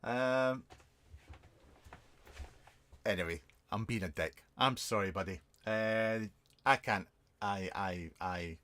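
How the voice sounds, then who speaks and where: Sarcastic rambling British bloke. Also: male voice, on the low side, slow pace, long pauses, fairly bright tone. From Britain. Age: over 50. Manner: rambling, self-mocking and sarcastic, many fillers. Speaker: vape reviewer and channel host. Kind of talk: casual live-stream chat answering viewer questions. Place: home shed. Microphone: webcam.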